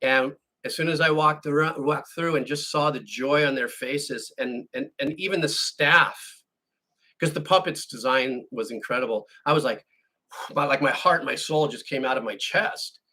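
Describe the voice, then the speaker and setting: Bright-voiced man, rambling chat. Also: medium pitch, moderate pace. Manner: rambling storyteller who restarts and corrects himself. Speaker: music channel host. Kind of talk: casual chat answering viewer questions.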